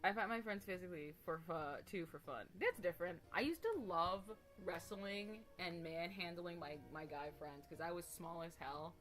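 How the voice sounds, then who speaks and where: A woman's voice: on the low side, moderate pace, hardly any pauses, a bit bright, faint music behind. A woman streamer chatting casually to her viewers, rambling and emphatic, with casual swearing. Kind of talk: casual live stream chat.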